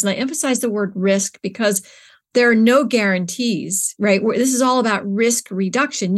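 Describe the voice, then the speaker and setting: A middle-aged woman speaking as an interview guest, earnest and searching, often restarting her sentences with fillers. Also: mid-range voice. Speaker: interview guest, nonprofit co-founder. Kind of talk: conversational interview.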